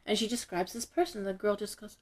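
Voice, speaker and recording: A middle-aged woman, a shop owner, telling stories as an interview guest in an animated way, acting out the voices of the people in them. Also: mid-range voice, a little fast. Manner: animated, acts out quoted voices when telling a story. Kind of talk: casual storytelling in an interview.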